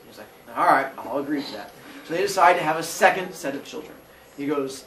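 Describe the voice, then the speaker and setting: This teacher, speaking at a medium pitch, delivers a comic storytelling lesson, retelling a myth with jokes and lively energy while leaping into quick character voices. The sound is roomy and far off, with a bit of faint noise.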